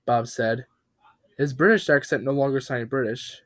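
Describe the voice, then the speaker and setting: A man narrating a parody creepypasta in a mock-serious, deadpan tone with dramatic pauses. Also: medium pitch.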